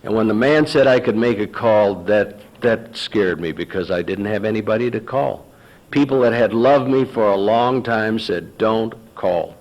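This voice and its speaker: A man's voice: on the low side, rough recording. Folksy man telling his story. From Texas. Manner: folksy storyteller, quoting others in dialogue. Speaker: recovery meeting speaker. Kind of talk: personal story told to an audience.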